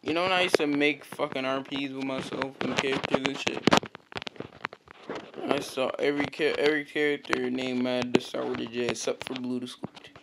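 A man giving casual gameplay commentary, swearing constantly and breaking into loud frustrated outbursts. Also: mid-range voice, fairly even intonation, normal speed, gravelly, heavy background noise. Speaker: gamer and YouTuber.

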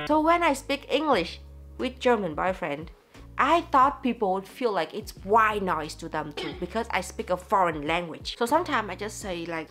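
Chatty Vietnamese-accented woman vlogger. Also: lowish voice. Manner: chatty and lively, laughs often. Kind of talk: casual explainer vlog.

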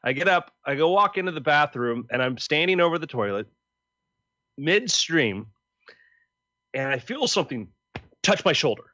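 A man tells anecdotes on a podcast in a high, very lively voice, with a bright, sharp edge to it. The mic sounds dry and slightly dull. He is animated and acts out the quotes as he goes. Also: normal speed, long pauses, dry recording. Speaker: podcast co-host. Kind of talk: casual storytelling chat.

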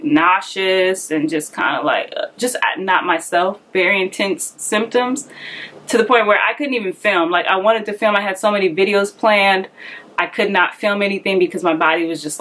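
A woman's voice: on the low side, a bit bright. A young woman telling a personal story in a candid, conversational way, a little out of breath, acting out the voices she quotes. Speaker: vlogger.

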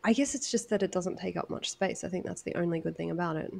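A woman's voice: on the low side, fast talker, creaky, darkish tone. An Australian woman chatting while gaming, her voice nasal from a sinus problem, reading game text aloud. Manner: laughs often, reads game text aloud. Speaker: co-player. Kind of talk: casual chat while gaming.

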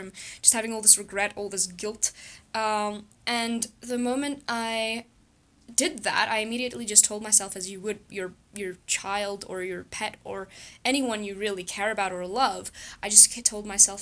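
A young woman in a casual vlog, talking softly and reflectively, with frequent laughs and a gentle self-soothing manner. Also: mid-range voice, steady tone, moderate pace. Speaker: YouTuber.

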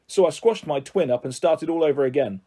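Man, children's book reading, lively expressive delivery, slightly high mellow voice. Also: brisk. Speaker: audiobook reader. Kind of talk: reading a children's novel aloud.

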